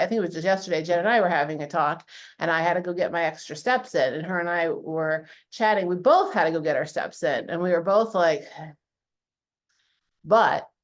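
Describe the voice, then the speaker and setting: A middle-aged woman with a Southern US accent, a fitness coach telling a story to her group in casual talk, full of fillers and asides. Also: fairly low pitch. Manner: chatty storyteller with many fillers.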